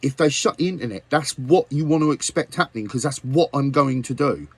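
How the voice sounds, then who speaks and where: Man, husky voice, heated vlog rant, swearing, rhetorical questions. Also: medium pitch, a little fast, no echo. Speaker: musician vlogger. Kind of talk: angry rant to camera.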